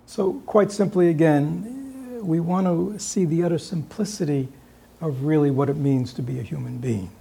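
Man, dharma talk, gravelly, mellow tone, fairly high voice, halting pauses, rhetorical questions. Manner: asks the audience many rhetorical questions; halting, with many filler pauses. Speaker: dharma teacher.

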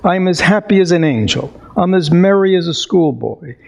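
A man's voice: on the high side, a little slow. A man voicing an old miser overjoyed and repentant, exclaiming as if breathless with emotion, in a dramatic reading. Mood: giddy.

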